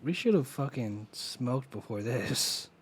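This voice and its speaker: A man's voice: medium pitch, slow, husky. Male co-host, casual chat, enthusiastic and profane. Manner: excited, swearing, nerding out. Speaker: podcast co-host.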